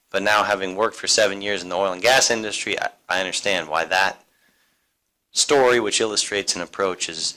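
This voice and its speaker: A man's voice: low voice, pushed and bright, low-quality recording. A man speaking on an alumni career panel at a university seminar, talking casually with fillers and restarts. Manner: conversational, many fillers and restarts.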